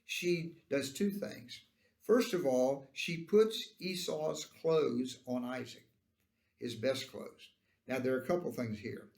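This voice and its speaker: Man, Sunday school teacher, unhurried delivery, gravelly fry, explanatory. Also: medium pitch, a little mellow. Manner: explanatory, reads verses with emphasis. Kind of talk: Bible lesson.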